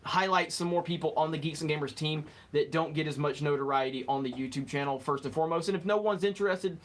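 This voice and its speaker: A young man with a slightly high voice talks fast while hosting a live stream, casually reading out chat comments. He jokes and rambles, occasionally stumbling over his words.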